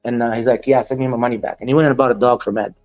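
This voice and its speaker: Light music runs underneath this storytelling interview with a male dog breeder. He races along in a medium-pitched, darkish, fairly even voice, blunt and scornful of critics, often quoting others in dialogue.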